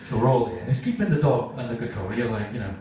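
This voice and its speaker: A male stand-up comedian telling an animated story on stage, acting out voices for dogs and people. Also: mid-range voice, quick pace. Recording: roomy live venue, mic from a distance, audience. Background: audience laughter.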